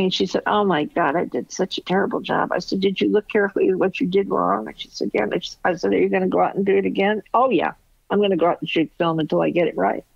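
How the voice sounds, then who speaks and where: A woman's voice: medium pitch, gravelly, dry recording, dull audio. An older woman, a photo editor and teacher, telling stories in an interview in a blunt, candid way and laughing often. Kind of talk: interview storytelling.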